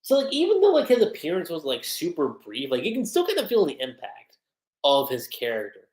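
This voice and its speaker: A man's voice: a little high, huge pitch swings, brisk, darkish tone. A man hosting a livestream and casually recapping an anime episode in a chatty way, using lots of fillers. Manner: chatty, many fillers, quotes characters. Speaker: anime reviewer, livestream host. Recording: roomy echoey room.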